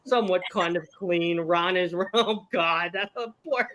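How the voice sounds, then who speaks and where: A man's voice: high voice, unhurried, sharp tone. A man hosting a casual live-stream game show, laughing often and reading viewer chat aloud.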